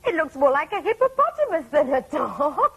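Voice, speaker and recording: A woman's voice: high-pitched, lo-fi sound. A woman playing a fussy, indignant lady customer in a children's TV skit, prim and complaining.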